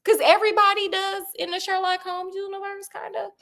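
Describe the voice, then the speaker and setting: A woman retelling a detective story in a comic, slangy, animated way, often laughing. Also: extremely high pitch, fairly quick.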